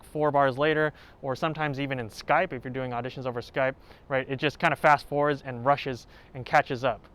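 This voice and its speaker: A man with a somewhat high, smooth and clear voice hosts a music lesson. He walks through tips one by one in an explanatory way, sometimes singing a short phrase to show a point. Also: fairly bright tone. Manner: clear, explanatory, with sung examples. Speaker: violin teacher and channel host. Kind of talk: instructional talk to camera. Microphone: home recording setup.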